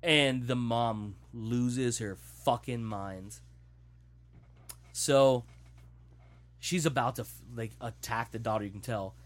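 A man's voice: mid-range voice, takes it slowly, long pauses. A young man in casual chat, retelling a movie plot with plenty of swearing and acted-out lines. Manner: animated, profane storytelling, acting out quotes.

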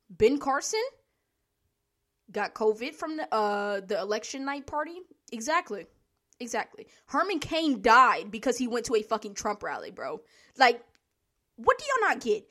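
A woman's voice: a little high, a bit bright. Blunt, profane woman podcaster ranting. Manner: blunt, profane and exasperated, heavy slang. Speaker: podcast host. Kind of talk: casual political rant.

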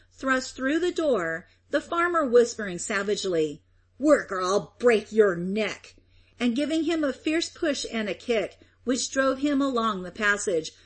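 A woman reading a story aloud as narrator, in a measured, expressive way. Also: a little high. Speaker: audiobook narrator. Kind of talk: scripted narration.

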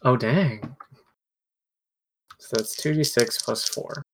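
A woman playing a tabletop game, casually asking quick, unsure questions about the rules. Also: rumbling low, noisy background. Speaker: player.

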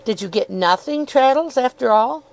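A woman voicing an earnest, polite young gentleman asking questions of an old school friend in an audiobook. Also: fairly high pitch, lively intonation, moderate pace, vocal fry, pitched above the performer's own voice. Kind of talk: audiobook character reading.

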